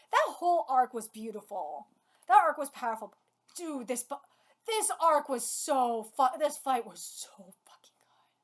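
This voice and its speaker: A woman streaming a live manga reaction, excitable and emotional, swearing as she gushes. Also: sits high.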